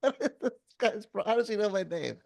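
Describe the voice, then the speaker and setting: A man's voice: high voice, animated, normal speed, creaky, a little mellow, no room sound, studio quality. A man co-hosting a comedy podcast, reacting to the story with incredulous pushback and laughter. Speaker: podcast co-host. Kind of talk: casual comedic banter.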